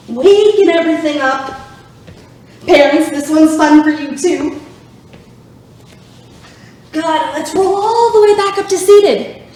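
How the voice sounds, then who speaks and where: A woman's voice: very high voice, darkish tone. A woman leading a children's yoga class, cheerful and encouraging, making animal sounds to guide the poses. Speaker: youth yoga instructor. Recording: very echoey room.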